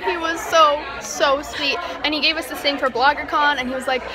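High-voiced girl gushing on her vlog, noisy crowd all around. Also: a little fast, loud music behind the voice. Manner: gushing, breathless fan excitement. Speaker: vlogger. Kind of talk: excited vlog chat. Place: crowded bookstore and city streets. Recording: busy crowd and street noise behind.

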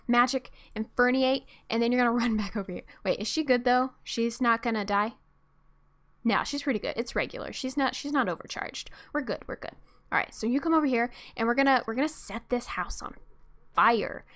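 A woman's voice: on the high side, fairly bright tone. A young woman streamer giving bubbly, giggly let's-play commentary and chatting to her game characters. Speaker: gameplay streamer.

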